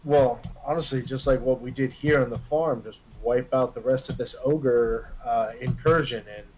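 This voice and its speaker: A man's voice: mid-range voice, fairly even intonation, moderate pace, a little mellow, low-quality recording. A man playing a tabletop game, talking hesitantly with many fillers as he plans his character's moves. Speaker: player.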